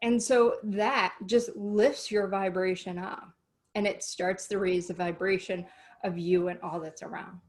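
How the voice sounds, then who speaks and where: A woman's voice: mid-range voice, fairly even intonation, unhurried. A woman hosting a podcast in casual chat, earnest and rambling, easily moved. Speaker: podcast host.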